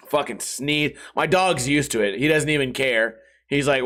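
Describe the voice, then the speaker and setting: A man's voice: mid-range voice, normal speed, a bit bright. A middle-aged man hosting a casual solo podcast, telling a rambling, profane, jokey story and acting out quotes in other voices. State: hungover and stiff. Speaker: podcast host.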